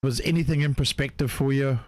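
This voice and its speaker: A man's voice: mid-range voice, steady tone, brisk, darkish tone, no room sound. A man co-hosting a casual racing chat, blunt and teasing. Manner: teasing, blunt, laughs often. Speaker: co-host.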